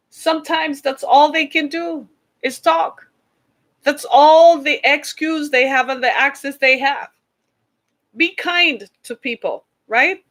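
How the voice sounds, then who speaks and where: Her voice is high and a little bright, and she talks slowly. As host of an online show, she speaks to viewers with impassioned earnestness, repeatedly and preachily telling them to listen.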